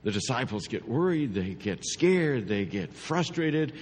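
A man pastor giving a sermon, his dynamic preaching swinging from hushed, drawn-out lines to emphatic, rising ones. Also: mid-range voice, very animated, big-room sound.

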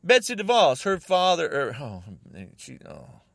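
An agitated American man rants with a voice that leaps from high, strained outbursts down to low mutters. His pitch sits a little high for a man, and the sound is dry and close, with no room around it. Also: very animated, measured pace, vocal fry, no echo. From United States. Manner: agitated, repetitive, swinging between shouting and muttering. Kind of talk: angry political rant.

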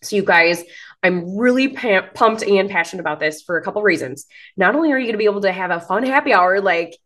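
A woman's voice: mid-range voice, expressive, quick pace, a bit bright. A woman in her thirties hosting a podcast, gushing and encouraging as she talks straight to her listeners. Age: 30s. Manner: gushing, encouraging, says "girl" and "like" a lot. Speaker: podcast host. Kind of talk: motivational podcast monologue.

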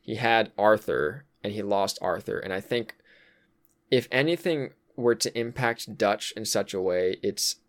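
A man's voice: fairly low pitch, expressive, measured pace. A man in casual chat, thinking aloud about a game's story, with frequent fillers and sighs. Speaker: co-host discussing a video game.

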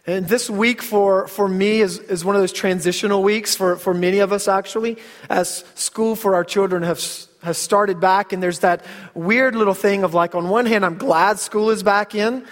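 A pastor in his thirties gives a casual, story-filled sermon in a church sanctuary, his high-pitched voice steady in tone at a normal speed. He often repeats words as he starts a sentence, and the recording carries long hall reverb.

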